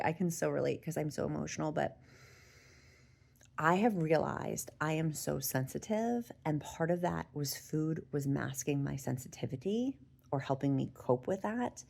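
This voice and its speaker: Low, gravelly-voiced woman vlogger. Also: expressive, normal speed, a little mellow. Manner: chatty, candid, emotional. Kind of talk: casual talk to camera.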